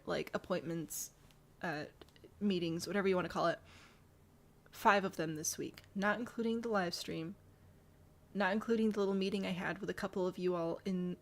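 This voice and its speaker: A woman's voice: lowish voice, fairly bright tone. A young woman from the Midwest chatting casually on a live stream as she builds in a game, laughing often and murmuring to herself. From American Midwest.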